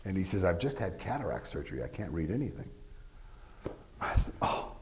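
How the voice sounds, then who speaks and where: A man's voice: low voice, very animated, brisk, a little hiss or hum, rough recording. A man, an author, giving an informal talk to an audience, rambling through anecdotes with lots of filler phrases and acting out quoted voices.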